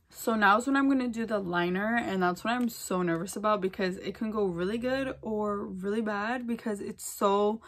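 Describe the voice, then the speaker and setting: A young woman vlogger who chats casually while doing her makeup. She gushes and gossips in slangy talk with lots of "like". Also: mid-range voice. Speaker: beauty vlogger. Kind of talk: casual chat during a makeup tutorial.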